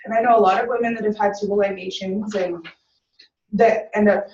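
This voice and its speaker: A woman in class telling a personal story in an animated way, acting out the lines of others. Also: medium pitch, fairly quick. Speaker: student. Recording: dull, roomy, from a distant mic.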